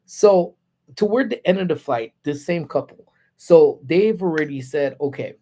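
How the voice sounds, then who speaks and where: A man hosting a casual livestream, telling stories in an animated, laid-back way with lots of slang, from a parked car. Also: fairly high pitch, measured pace. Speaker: livestream host. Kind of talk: casual storytelling.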